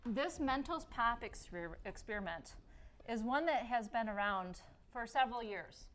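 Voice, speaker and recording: A woman with a somewhat high voice hosts a science show. She walks a young helper through an experiment, asking question after question in a playful teacher's manner and often breaking into laughter. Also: lively intonation, moderate pace, fairly bright tone. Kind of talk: hands-on science demonstration for a young assistant.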